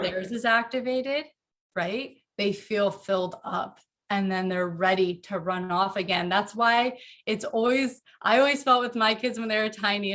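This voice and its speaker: A woman talking earnestly about parenting in a casual interview from home, animated and quick to laugh. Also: medium pitch. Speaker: podcast guest, author.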